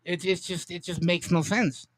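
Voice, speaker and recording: A man's voice: high voice, fairly even intonation, moderate pace. A man hosting a casual livestream chat, emphatic and repetitive, swearing now and then. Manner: emphatic, repeats himself, swears. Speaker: livestream host.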